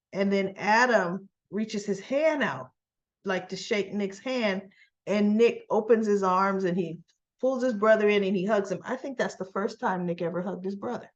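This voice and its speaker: A woman's voice: mid-range voice, highs cut off. A woman casually retelling a soap opera episode, chatty and quoting the characters as she goes.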